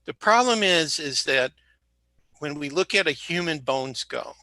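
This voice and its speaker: A man's voice: fairly high pitch, expressive, unhurried, bright, forceful tone, no room sound. A man speaking as a guest, rambling and joking as he talks and correcting himself mid-sentence, slightly sick. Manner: rambling, jokey, self-correcting. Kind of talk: casual interview talk.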